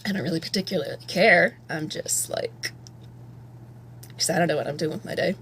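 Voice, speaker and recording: A woman's voice: fairly low pitch, racing, creaky, fairly bright tone, a little hiss or hum. A woman in her thirties chatting casually on a live stream at home, rambling and candid and swearing freely while she does her makeup. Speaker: livestreamer.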